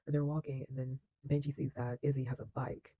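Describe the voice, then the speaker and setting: A man's voice: medium pitch, little pitch movement, brisk, dark tone, low-quality recording. A man casually retelling a film plot in a loose, chatty way, with lots of fillers and acted-out lines. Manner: acts out characters' lines with bursts of energy. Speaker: film reviewer.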